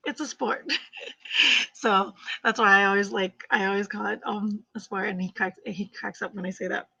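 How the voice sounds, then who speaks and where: A woman's voice: medium pitch, flat delivery, normal speed, vocal fry, pushed and bright, slightly rough. A middle-aged woman chatting casually and emphatically on a crochet livestream, repeating herself and laughing often. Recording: slightly muffled livestream audio.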